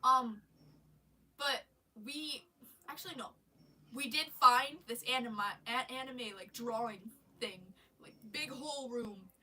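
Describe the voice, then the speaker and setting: A woman's voice: on the high side, unhurried, sharp tone, distant mic. A woman with a stuffy nose on a casual live stream, rambling about her day and swearing, with lots of restarts, sitting in her bedroom.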